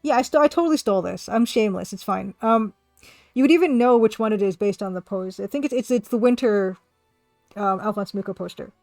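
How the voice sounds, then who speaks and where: A woman's voice: mid-range voice, brisk, gravelly, a little mellow, no echo, soft background music. A woman from Canada, a game artist and developer, chatting casually on a live stream and answering viewers in a chatty, self-deprecating way.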